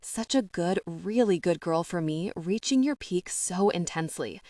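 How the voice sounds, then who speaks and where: A commanding young man murmurs low and coaxing in an audiobook romance, as a woman narrator puts him on. His voice sits fairly low and close, with a dry, intimate sound. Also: animated, normal speed, mellow, no echo, distant mic, lightly acted.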